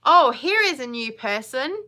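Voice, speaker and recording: A woman's voice: sits high, lively intonation, normal speed, sharp tone. A woman, hosting a casual live chat, chatty and blunt, laughing often. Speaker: live stream host.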